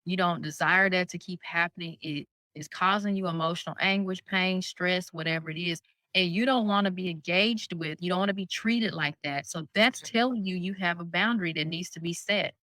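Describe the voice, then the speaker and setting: A woman co-hosting a casual podcast chat as a coach, animated and quick to laugh, often acting out what others said. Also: lowish voice, no echo. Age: adult parent of a young child. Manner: animated, laughs often, acts out quoted speech. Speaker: co-host and coach.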